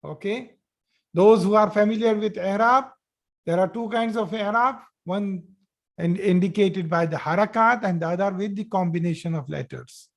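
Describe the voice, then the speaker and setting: Over a live video call, a man runs an Arabic grammar class, repeating each phrase slowly and praising students when they answer. His voice sits high.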